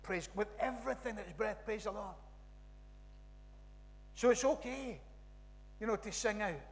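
A man with a West Coast Scottish accent preaching a conversational sermon as a pastor, animated and rambling, full of restarts and "you know, right?" asides. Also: high voice, moderate pace, long reverb tail. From Scotland. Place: church.

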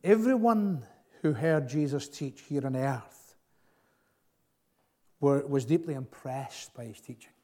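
A man preaching a sermon in an earnest, emphatic way, often pausing with fillers and repeating words as he builds a point. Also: mid-range voice, warm tone. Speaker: pastor.

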